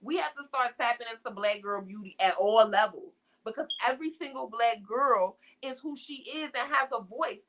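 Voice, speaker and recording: A woman's voice: fairly high pitch, moderate pace, hardly any pauses, a bit bright, a little hiss or hum. A woman hosting a live-streamed talk show, speaking emphatically and repeating her points, switching between casual and more formal ways of talking. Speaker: show host.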